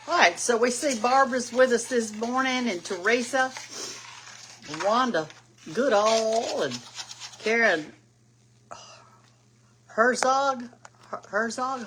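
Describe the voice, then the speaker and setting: A woman's voice: medium pitch, a bit bright, a little hiss or hum. Folksy older Southern woman. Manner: folksy, chatty, rambling. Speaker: cooking show host. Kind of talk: casual cooking chat. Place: home kitchen.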